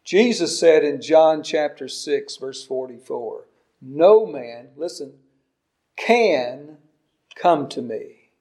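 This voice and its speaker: Man in his 60s, preacher, emphatic delivery, higher-pitched voice. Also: animated, takes it slowly. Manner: emphatic preaching, swinging between soft asides and loud stresses. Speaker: pastor. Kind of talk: sermon.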